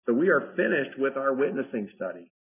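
A man's voice: mid-range voice, sing-song, a little fast. Man teaching a Bible study over phone-like audio. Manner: conversational, repeats and restarts phrases. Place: church study group, partly remote.

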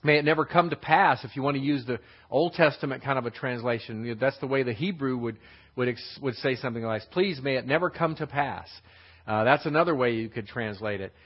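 A man teaching a verse-by-verse Bible lesson, explaining and rephrasing scripture in an unhurried classroom manner. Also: medium pitch. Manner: explanatory, rephrasing verses, frequent fillers and restarts. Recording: slightly dull lo-fi recording.

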